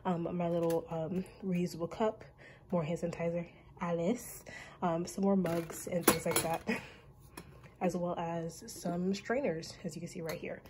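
A woman's voice: fairly low pitch, flat delivery, unhurried, noisy background. A young woman vlogger giving a casual, rambling tour of her bedroom, slightly out of breath. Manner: chatty, rambling with many ums.

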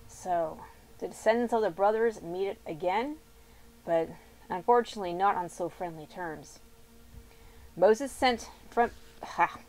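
A woman's voice: medium pitch, darkish tone, poor audio. A woman reading scripture aloud expressively and breaking off for casual, chatty comments. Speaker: Bible reader and commentator.

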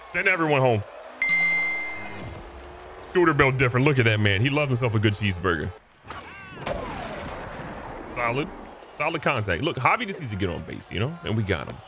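A young man casually commentating his own baseball video game, excitable and joking, swinging between hype and mock despair. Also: mid-range voice, brisk, pauses often, over music. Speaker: gaming channel host. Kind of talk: live gameplay commentary.

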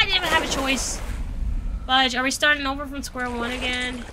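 A young adult woman streaming a game live, reacting with excited exclamations and chatting to her viewers. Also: sits high, brisk, noisy background. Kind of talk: live gameplay commentary.

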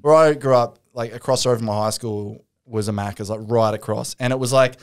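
A man's voice: medium pitch, a little fast, smooth. An Australian man hosting a podcast, telling rambling anecdotes full of fillers and swearing in casual chat.

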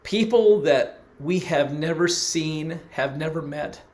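A man's voice: fairly high pitch, slow pace, darkish tone. A middle-aged man preaching, telling a personal story and acting out the people he quotes. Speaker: pastor. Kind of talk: sermon.

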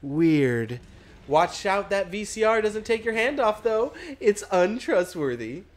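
A woman's voice: medium pitch, sing-song, slow, pitched above the performer's own voice. A woman doing a chatty tugboat pilot. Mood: friendly. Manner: chatty, folksy, a little hoarse. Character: chatty middle-aged female tugboat pilot.

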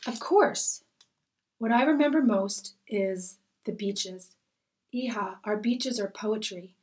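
A loving grandmother shares her memories slowly and warmly, voiced by a woman reading a storybook. Her pitch sits in the middle range. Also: natural voice. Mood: fond. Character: loving, nostalgic grandmother telling island memories.

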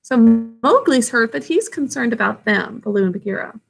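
A woman's voice: on the high side, lively intonation, a little fast, gravelly. A woman reading a story aloud, stopping to explain what is happening. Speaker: storybook reader.

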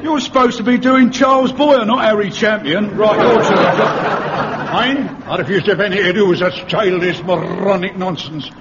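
An actor playing a dour, scornful old soldier in a radio comedy. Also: male voice, sits high, moderate pace. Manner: scornful, grumbling. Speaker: dour home guard private. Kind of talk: 1960s radio comedy acting. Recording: muffled old radio recording with hiss and audience.

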